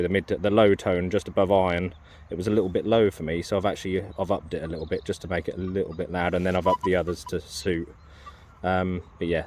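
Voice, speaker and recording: A man whose voice sits low with a darkish tone chats casually as he sets up and uses a metal detector outdoors in an open farm field. He rambles and hesitates, correcting himself and saying um a lot, with slight background noise.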